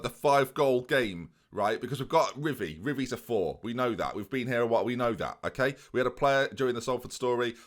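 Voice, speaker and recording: Man, young, fast playful game commentary, animated pitch, faint music underneath. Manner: playful mock-commentator, addresses "viewers". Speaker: gaming YouTuber.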